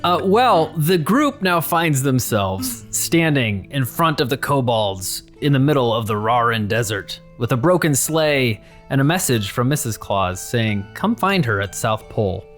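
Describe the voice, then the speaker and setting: Rambling game master with many fillers. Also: male voice, medium pitch, sing-song, unhurried, hardly any pauses, a bit bright, faint music behind. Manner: rambling, with frequent fillers and restarts. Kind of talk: narrating a tabletop game.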